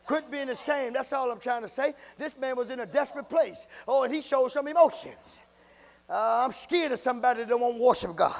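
Male pastor, sermon, very high voice, long church reverb. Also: a little fast, gravelly. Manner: preaching, calling out to the congregation, often shouting. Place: church sanctuary. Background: church congregation.

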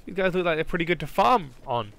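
A man giving excitable let's play commentary, jumpy and quick to swear or squeal when scared. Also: on the high side, vocal fry, slight background noise. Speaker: gaming YouTuber.

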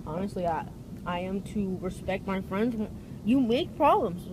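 A woman's voice: mid-range voice, expressive, a little slow, background noise. A woman complaining in an agitated way, swearing as she asks what she is supposed to do.

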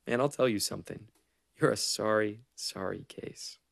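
A man's voice: on the low side, moderate pace, creaky, a bit bright, no room sound, studio quality. A man reading an audiobook, voicing a cruel young soldier who mocks and taunts in a contemptuous tone.

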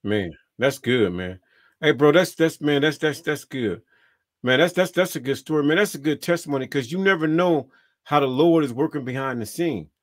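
A man's voice: a little high, animated, moderate pace, no echo, clean studio sound. A man hosting a casual chat, affirming and repeating his phrases.

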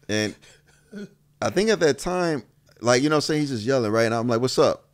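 Animated man telling a podcast story. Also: mid-range voice, moderate pace. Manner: animated, acts out quotes with loud bursts. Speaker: former pro basketball player.

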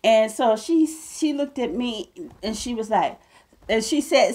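A woman's voice: on the high side, animated, a little slow. A woman, telling a story to her viewers in a casual, emphatic way and calling them y'all and babe. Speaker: vlogger.

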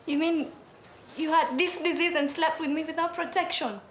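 Woman playing flirty Florence, high voice. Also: normal speed, natural voice. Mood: accusing. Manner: flirtatious, then hurt and accusing. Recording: echoey room with noise.

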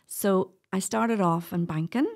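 Her pitch is medium and her tone darkish as she talks at a measured pace. She is a middle-aged woman from Northern Ireland, a doula guesting on a casual podcast interview, chatting, telling stories and laughing a lot.

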